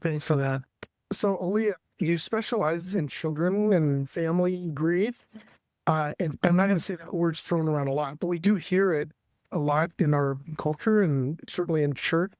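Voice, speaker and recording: Male host, friendly and loose, fairly high voice, dry sound. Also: normal speed, darkish tone, no room sound. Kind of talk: introducing guests, casual talk.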